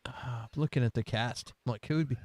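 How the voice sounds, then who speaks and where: A man's voice: mid-range voice, moderate pace, darkish tone, no echo. A man co-hosting a podcast, casually and playfully asking the questions. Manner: playful, asks the quiz questions. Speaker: podcast co-host. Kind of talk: casual chat.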